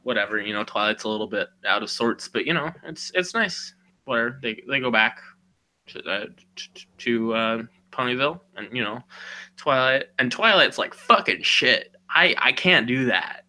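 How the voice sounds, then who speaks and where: A man's voice: mid-range voice, animated, moderate pace, bright, forceful tone. A man co-hosting a podcast, casually retelling a story with lots of "you know" and "like", acting out the characters' lines. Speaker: podcast co-host.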